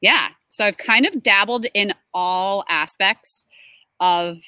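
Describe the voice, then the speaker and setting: A woman's voice: medium pitch, slow pace, pushed and bright, smooth, dry recording, low-quality recording. A woman in her twenties being interviewed about her design work, chatty and laughing often, with lots of fillers. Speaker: creative and design manager, interviewee. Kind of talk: casual interview.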